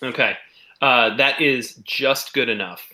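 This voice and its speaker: A man narrating as game master of a tabletop role-playing game, describing scenes slowly with small restarts. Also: medium pitch, bright, forceful tone.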